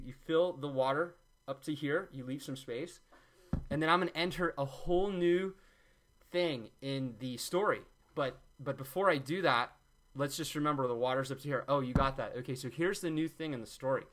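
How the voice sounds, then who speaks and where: A man's voice: mid-range voice, normal speed, a bit bright. A man giving a homemade juice recipe in a rambling, jokey way, often taking back his own jokes. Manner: jokey, rambling, often backtracks with "I'm kidding". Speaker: vlogger demonstrating a juice recipe. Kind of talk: joking, rambling how-to talk.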